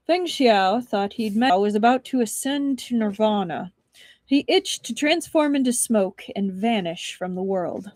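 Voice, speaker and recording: A woman's voice: medium pitch, no room sound. Woman reading a novel on a live stream. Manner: chatty asides between narration.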